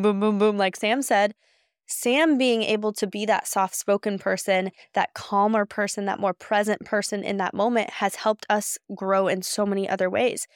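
A woman co-hosting a podcast, telling stories in an energetic, passionate way. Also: mid-range voice, smooth, dry recording, studio quality. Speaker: podcast co-host. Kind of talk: casual chat.

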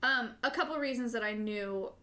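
A woman's voice: on the high side, normal speed, pushed and bright. A young woman co-hosting a podcast, telling rambling, self-mocking stories in casual chat. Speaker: podcast co-host.

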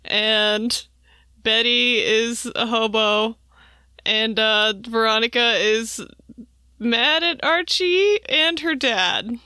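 A young woman co-hosts a relaxed comedy podcast with dry, deadpan humor. She talks slowly, with a bright tone and a dry, close sound. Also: a little high, smooth, no room sound. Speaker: podcast co-host. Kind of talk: casual comedic chat.

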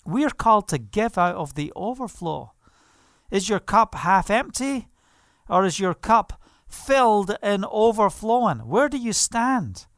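A pastor preaches a fervent sermon, putting questions to his listeners and laughing now and then. His voice is high, animated and a bit bright, with a slightly slow delivery. The recording is clean studio sound with no echo.

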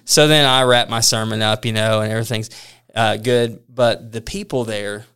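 A man, a preacher, casually telling a funny story about his travels, animated and self-deprecating, laughing often. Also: on the low side, normal speed, clean tone.

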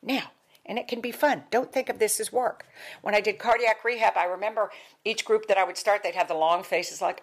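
A woman's voice: medium pitch, a little fast. An older woman giving an emphatic motivational talk as a wellness speaker, repeating her key words in a coaching tone.

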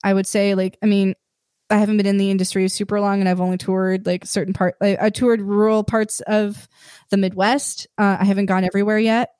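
A woman's voice: medium pitch, level tone, fairly quick, darkish tone, no room sound, clean studio sound. A young woman from Northern California in a casual podcast chat, talking candidly with many fillers and the odd swear word.

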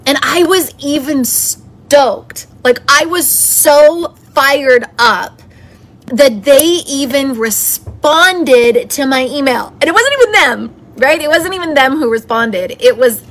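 A woman hosts her own solo motivational podcast, speaking in a chatty, encouraging, upbeat way. Her voice is high, a bit bright, and unhurried.

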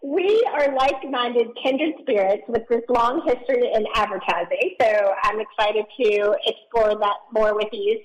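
A woman from Virginia with a somewhat high voice, co-hosting a podcast. She asks questions in a friendly, curious way. Her phrasing is warm and complimentary toward her guest. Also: rough recording. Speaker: podcast co-host. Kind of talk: interview questions.

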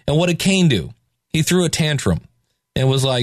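A man's voice: fairly high pitch, big pitch swings, moderate pace, long pauses, no echo, studio quality. Middle-aged man musing casually on scripture. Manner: conversational, rambling with restarts and hesitations; paraphrases scripture in loose everyday speech. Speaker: speaker reflecting on scripture. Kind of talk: casual Bible reflection.

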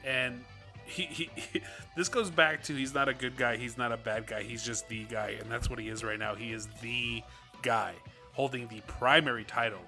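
A man's voice: mid-range voice, steady tone, normal speed, gravelly, bright, forceful tone, soft background music. A man co-hosting a casual wrestling podcast, rambling and asking questions. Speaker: podcast co-host.

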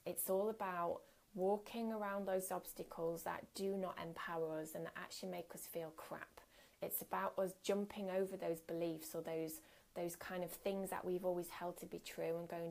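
A woman's voice: lowish voice, flat delivery, normal speed, creaky, a little mellow. A woman giving a candid, earnest workshop talk as a coach, speaking conversationally with occasional fillers.

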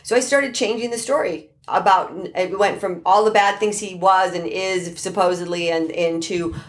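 A woman's voice: fairly low pitch, steady tone, normal speed. A middle-aged woman speaking as a life coach in an earnest motivational talk, repeating key phrases for emphasis.

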